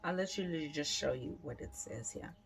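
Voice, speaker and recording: A woman's voice: sits low, brisk, creaky, a little hiss or hum. A woman giving a casual tarot reading, chatty and slangy, swearing now and then. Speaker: tarot reader.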